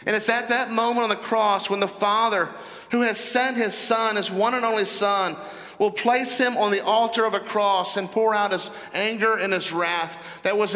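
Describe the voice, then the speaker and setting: A man's voice: high voice, bright, forceful tone. A man preaching a sermon as pastor, emphatic and repeating phrases for stress. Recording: long hall reverb.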